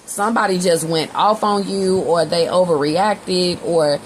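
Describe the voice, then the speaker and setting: A woman's voice: lowish voice, fairly even intonation, measured pace, a little hiss or hum, rough recording. A woman giving a casual tarot reading, talking bluntly with slang and swearing. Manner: blunt, slangy, swears freely, acts out both sides in quotes. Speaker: tarot reader.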